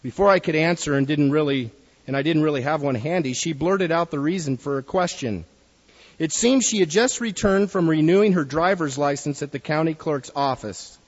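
A man's voice: a little high, normal speed, big-room sound, highs cut off. A man preaching a sermon in an earnest way, reading a story aloud to his listeners.

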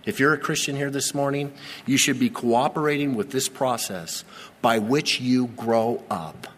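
Here a pastor's medium-pitched voice fills a large church hall, its long reverb clearly audible along with a little background noise. Delivering his sermon in the sanctuary, he preaches earnestly, leaning on slow, dramatic pauses and repetition.

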